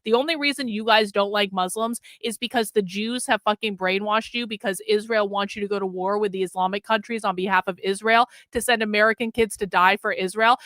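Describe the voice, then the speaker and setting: A woman's voice: mid-range voice, fairly bright tone, no echo. A woman hosting a political livestream, giving profane, lecturing commentary straight to her chat. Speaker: political streamer host.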